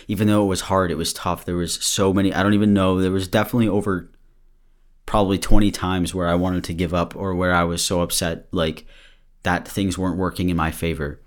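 A man's voice: sits low, flat delivery, a little fast. A young man hosting a podcast, giving a rambling, earnest motivational talk and a little out of breath, with restarts and the odd swear word. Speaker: podcast host.

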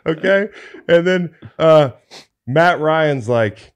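A man co-hosting a sports podcast, telling a profane comic story with quick character voices in a casual chat. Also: mid-range voice. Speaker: podcast co-host.

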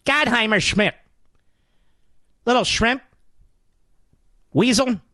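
A man's voice: very high-pitched, slow, sharp tone, no room sound. A man hosting political talk radio in a combative, sarcastic way that often builds into a heated rant.

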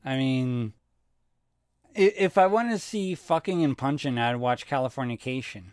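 A man's voice: medium pitch, moderate pace, darkish tone, clear, resonant tone, dry recording, studio quality. A man co-hosting a podcast, chatting casually and rambling through stories with plenty of swearing. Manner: rambling, swears freely when telling stories. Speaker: podcast co-host. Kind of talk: casual chat.

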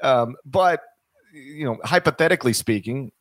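A man's voice: mid-range voice, normal speed, fairly bright tone, no room sound. A man in a casual podcast discussion on college basketball, thinking aloud and often repeating his words as he makes his point.

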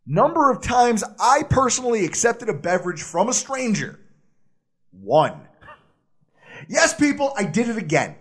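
A man co-hosting a sports podcast, ranting loudly and animatedly in casual chat. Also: very high-pitched, sing-song, measured pace, husky. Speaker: podcast co-host.

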